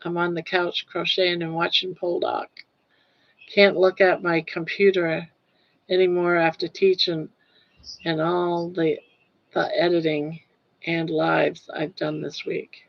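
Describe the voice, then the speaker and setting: A woman's voice: on the low side, flat delivery, a little slow, vocal fry. Older woman, Down East Maine accent, chatty livestream host, couch at home, dull lo-fi phone audio. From Portland, Maine. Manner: chatty, laughs easily, answers chat comments. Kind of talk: casual livestream chat.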